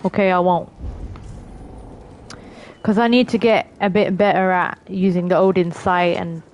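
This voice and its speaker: A woman with a London accent giving chatty, excitable live commentary as she plays a game, yelping and swearing at it. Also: on the low side, unhurried. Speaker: game streamer.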